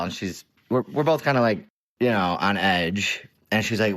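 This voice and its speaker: A man's voice: on the low side, a little fast, fairly bright tone, no room sound. A man telling a personal story in a casual, rambling way, with many fillers.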